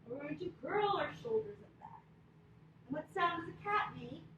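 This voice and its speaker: A woman's voice: very high-pitched, moderate pace, dull audio, noisy background. Sing-song woman reading to children. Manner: sing-song, animated, encouraging children to move along. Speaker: children's storyteller and yoga teacher. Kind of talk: reading a picture book with yoga and sign language for kids. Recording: echoey room.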